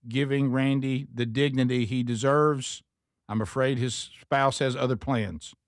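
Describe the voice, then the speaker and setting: A man's voice: mid-range voice, dry recording, studio quality. A man hosting a radio talk show, reading a listener's email aloud and tossing wry asides to his co-hosts.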